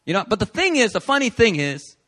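Young male pastor, slightly high voice, relaxed and animated sermon delivery. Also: fast. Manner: animated and conversational, acts out little quoted scenes. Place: church service.

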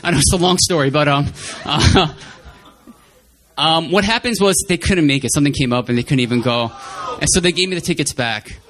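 A man's voice: fairly high pitch, brisk, fairly bright tone. A man preaching a sermon, telling a personal story in an earnest, chatty way and often repeating his phrases.

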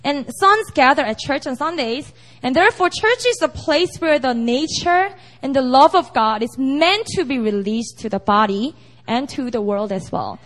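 Young woman, casual sermon, high voice, chatty and conversational. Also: animated, normal speed, fairly bright tone. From South Korea. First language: Korean. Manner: chatty, with frequent "you know" and "right?". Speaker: preacher.

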